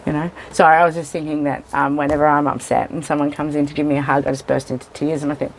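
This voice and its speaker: A woman's voice: sits low, little pitch movement, fast talker. A woman giving a casual tarot reading, rambling and interrupting herself, openly emotional and a little teary. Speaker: tarot reader. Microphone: camera in front of a seated speaker.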